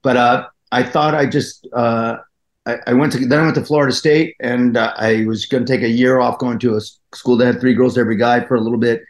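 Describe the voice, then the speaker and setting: A man in his fifties, originally from New Jersey, rambles through his stories in a relaxed interview. He circles back and restarts as he talks, at a voice of middling height. The recording has a noticeably roomy, echoey sound. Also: mid-range voice. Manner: rambling, halting storyteller. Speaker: guest actor. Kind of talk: casual podcast interview. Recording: roomy echo.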